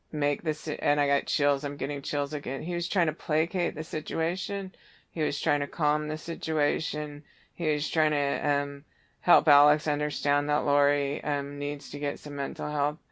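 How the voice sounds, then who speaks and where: Psychic reader, slow and halting, gravelly yet smooth tone, searching for words mid-vision. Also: mid-range voice, a bit bright. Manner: halting, searching, many restarts. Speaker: psychic medium. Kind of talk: psychic reading, describing visions.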